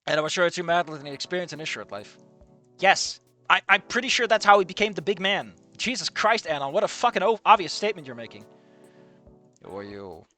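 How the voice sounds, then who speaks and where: A man's voice: high voice, expressive, fast, sharp tone, soft background music. A man reading a story aloud casually and commenting on it with sarcastic, swearing asides. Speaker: reader and commentator.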